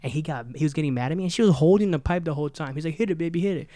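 A man with a smooth, resonant voice, recorded close and dry, co-hosting a casual podcast from an apartment. He tells profane stories and jumps into loud, animated quotes of the people in them. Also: on the high side, very fast, no room sound. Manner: profane storytelling, acts out quotes loudly. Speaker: podcast co-host. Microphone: studio mic in apartment.

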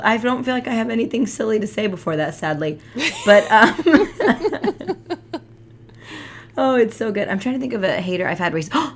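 A woman's voice: on the low side, slight background noise. A woman co-hosting a casual chat show, telling a story with lots of laughter. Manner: animated storytelling, laughs often. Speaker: podcast co-host.

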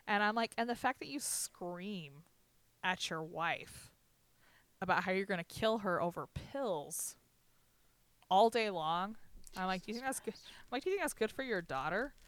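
A young woman co-hosting a podcast, telling a story in a heated, profane way and breaking into loud bursts of emphasis. Her voice is smooth and resonant. The sound is close and dry. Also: mid-range voice, lively intonation, normal speed, no room sound. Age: 20s. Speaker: podcast co-host. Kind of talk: casual chat.

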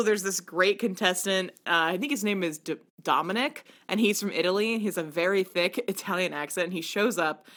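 A woman co-hosting a casual chat, telling stories animatedly and acting out what people said. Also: lowish voice. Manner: animated storytelling, acting out quotes. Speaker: podcast co-host.

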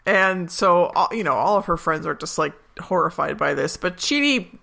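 A podcast co-host recapping a television episode in loose, casual chat, often breaking into laughter. The voice is bright and forward, with middling pitch. The host acts out bits of dialogue along the way. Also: expressive, normal speed, gravelly. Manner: chatty, laughs often, acts out quoted lines.

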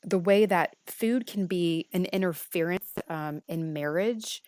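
A middle-aged woman hosting a podcast, telling a family story casually with lively quoted speech. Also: lowish voice, unhurried, no room sound. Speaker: podcast host.

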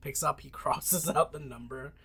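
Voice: medium pitch, moderate pace, vocal fry, sharp tone. A podcast host chatting casually about a film, laughing often and trailing off mid-thought.

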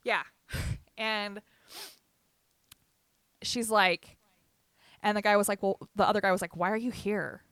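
A young woman co-hosting a podcast, venting bluntly with lots of swearing and telling animated stories between laughs. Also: medium pitch, takes it slowly, pauses often, clear, resonant tone, no echo. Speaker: podcast co-host. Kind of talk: casual chat.

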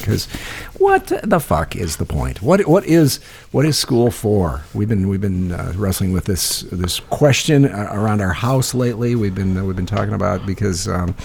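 Low, gravelly man rambling. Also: sing-song, normal speed, darkish tone, a little hiss or hum. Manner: rambling, lots of uh and restarts. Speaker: podcast co-host. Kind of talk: casual chat.

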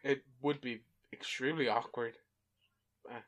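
A young man co-hosting a podcast, relaxed and hesitant, with lots of fillers. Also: mid-range voice, normal speed. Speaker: podcast co-host. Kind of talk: casual chat.

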